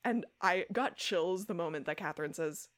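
A young adult woman co-hosting a podcast, recapping a show episode in casual chat, animated and laughing as she acts out quoted lines. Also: fairly low pitch, moderate pace. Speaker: podcast co-host.

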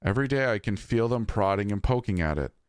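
A man voicing a dead wife who speaks through six strangers at once, calm and unsettling. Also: on the low side, fast, clean tone, dry recording, clean studio sound, lightly acted. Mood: calm, insistent. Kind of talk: storytelling narration.

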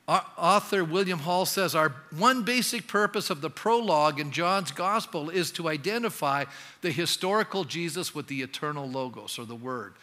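A man preaching a sermon as pastor, emphatic and animated, often putting questions to his congregation. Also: high voice, in a large hall.

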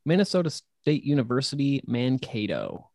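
A man's voice: medium pitch, big pitch swings, moderate pace, creaky, a little mellow, no echo, studio quality. A man, a horror author and podcast guest, telling rambling stories in casual chat and swearing casually.

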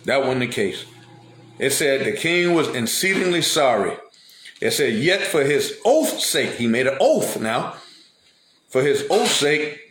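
A male preacher retelling Bible stories in lively everyday speech and slang during a sermon. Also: mid-range voice, reverberant, slight background noise. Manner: animated, retells scripture in everyday vernacular. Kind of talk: sermon storytelling.

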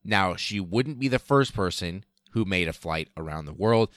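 Guy podcast host telling history casual, swears a lot, lowish smooth voice, dry sound. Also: animated, moderate pace, fairly bright tone, no room sound.

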